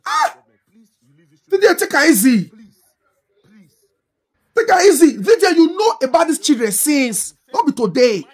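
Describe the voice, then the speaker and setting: A middle-aged Nigerian woman speaks in a thick Pidgin English accent, her voice pitched high and husky. She lectures and scolds with fervour, firing off one rhetorical question after another as she comments on current affairs. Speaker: social media commentator. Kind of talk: impassioned political commentary.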